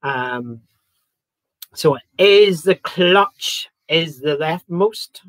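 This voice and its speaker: Chatty man hosting a live quiz, fairly high voice, close dry mic, banters with viewers. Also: animated, very slow, dry recording. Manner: chatty, reads out viewer comments and jokes around. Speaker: quiz host. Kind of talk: live-streamed quiz chat.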